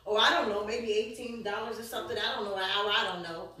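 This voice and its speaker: A woman pastor giving a sermon testimony, telling her story with animated voices and frequent laughter. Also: medium pitch, quick pace, crowd noise. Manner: animated storytelling, acts out dialogue, laughs often. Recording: echoey room, from far off.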